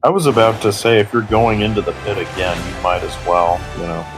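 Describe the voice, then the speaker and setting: A man's voice: on the low side, fairly even intonation, brisk, loud music behind the voice. A man chatting casually as a co-commentator on a let's-play, giving game tips and laughing often. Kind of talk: casual gameplay chat.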